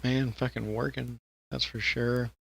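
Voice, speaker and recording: A man's voice: mid-range voice, flat delivery, measured pace, gravelly, a bit bright, husky. A man co-hosting a podcast in casual, rambling chat, swearing freely and laughing often. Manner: rambling and profane, with frequent laughter. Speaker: podcast co-host.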